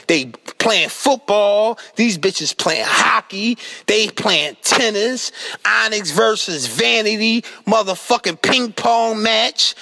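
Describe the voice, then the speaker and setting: A man delivering a profane, exasperated comedic rant that swings into yelling. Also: high voice, vocal fry. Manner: animated, exasperated, swearing constantly, breaks into yelling. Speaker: comedic rapper doing an outro skit.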